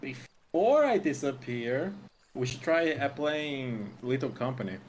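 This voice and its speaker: A man chats with a friend over a voice call in a relaxed, teasing way, dropping swear words casually. His voice sits at an ordinary middle pitch. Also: measured pace, a little hiss or hum. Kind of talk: casual banter.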